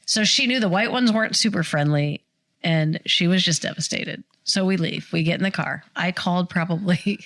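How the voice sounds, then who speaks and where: On a podcast, a middle-aged female co-host gives a lively, casual retelling of a family story, performing the quoted voices as she goes. She speaks at a normal pace in a lowish voice.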